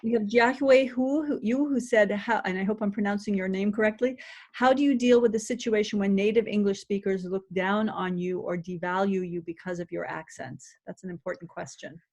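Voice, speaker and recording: Woman, webinar moderator, polite, reads questions aloud, mid pitch. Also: steady tone, fairly quick, darkish tone. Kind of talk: reading audience questions.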